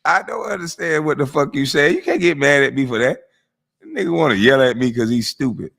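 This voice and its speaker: A man's voice: a little high, expressive, a little fast, gravelly, a bit bright. Profane, mocking man reacting to a clip. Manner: mocking, laughing, swears heavily. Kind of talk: profane live commentary.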